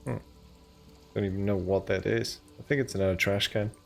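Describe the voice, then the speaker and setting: A man's voice: on the low side, steady tone, a little fast, gravelly, fairly bright tone, soft background music. A man with a cold chatting casually while playing a video game, thinking aloud as he goes. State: has a cold. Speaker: gaming channel host. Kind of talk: casual let's-play commentary.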